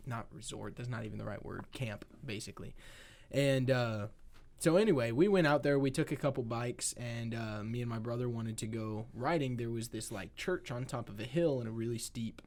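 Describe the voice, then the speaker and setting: A man's voice: mid-range voice, normal speed, a little mellow. A man co-hosting a podcast, telling a rambling family story in casual chat and acting out the quotes. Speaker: podcast co-host.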